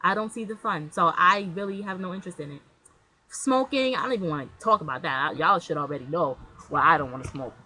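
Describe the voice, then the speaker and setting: A woman's voice: lowish voice, lively intonation, fast talker, pushed and bright, low-quality recording. A young woman vlogging to her camera in casual chat, blunt and slangy, rambling with restarts.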